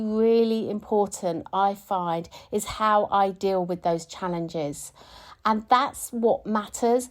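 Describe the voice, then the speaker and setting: A woman hosting her own podcast as a spiritual coach, talking through her week in a gentle, reflective way, often restarting and repeating words as she thinks aloud. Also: medium pitch. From United Kingdom. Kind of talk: reflective casual monologue.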